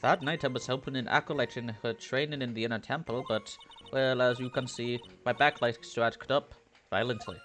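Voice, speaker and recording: A man voicing an elderly head nun with a back complaint, in a lilting put-on Irish accent, gentle and motherly. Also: medium pitch, steady tone, a little fast, a little hiss or hum, close to an everyday voice. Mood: fond.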